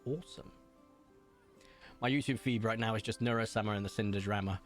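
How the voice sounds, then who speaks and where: A young man from Somerset, England, with an English West Country accent chats casually and self-deprecatingly while livestreaming a game, soft background music playing. His lowish voice is fairly even in intonation and fairly quick, drifting between posh and broad.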